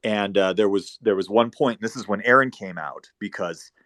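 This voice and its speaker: A man telling a long, rambling story in casual talk, profane, swinging between loud bursts and quiet asides. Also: fairly low pitch, moderate pace, dry recording.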